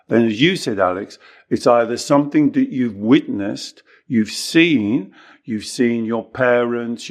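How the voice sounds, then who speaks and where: A male life coach teaches emphatically in a podcast conversation, repeating key phrases to hammer his points home. He acts out his clients' excuses in a higher-pitched voice.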